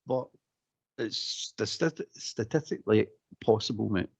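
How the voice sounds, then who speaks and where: A Scottish man on a football phone-in, talking in an animated way, repeating himself and calling the host "mate". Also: fairly low pitch, unhurried, creaky, husky. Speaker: caller.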